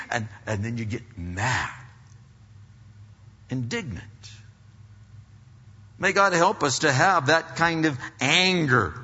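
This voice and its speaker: A man's voice: a little high, expressive, moderate pace, long pauses, bright, forceful tone, husky. A man preaching an earnest sermon, often restarting his sentences and acting out inner voices. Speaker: pastor. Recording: dull lo-fi sound with long hall reverb.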